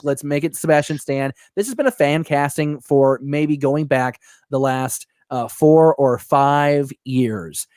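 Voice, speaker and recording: A man hosting a live show, talking in an energetic, rambling, joking way, reading out fan questions. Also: on the high side, no echo, studio quality. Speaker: host.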